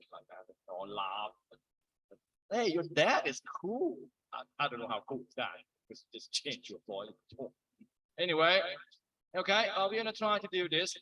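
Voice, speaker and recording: A man's voice: medium pitch, sharp tone, low-quality recording. A middle-aged man lecturing a university engineering class live, mixing explanation with chatty, joking asides.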